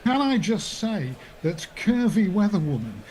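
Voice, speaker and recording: A man's voice: high-pitched, big pitch swings, unhurried, poor audio. A man co-hosting a live sports radio chat, dry and hesitant with his remarks. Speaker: radio co-host. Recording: loud noise with clicks.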